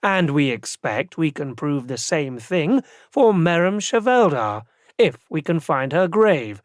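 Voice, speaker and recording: A man voicing a cool, commanding woman investigator in an audiobook, measured and dry. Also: a little high, big pitch swings, no echo. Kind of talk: audiobook character voice.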